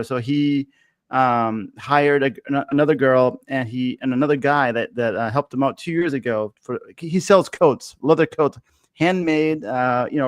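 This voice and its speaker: A man's voice: on the high side, dry recording. A man in casual chat, telling a long story with many fillers, restarts and laughs.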